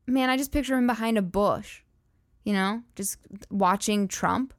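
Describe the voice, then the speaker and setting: A woman's voice: mid-range voice, measured pace, dry recording, studio quality. A woman hosting a comedy podcast, rambling through profane, giggly riffs. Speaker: podcast host. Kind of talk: casual comedic monologue.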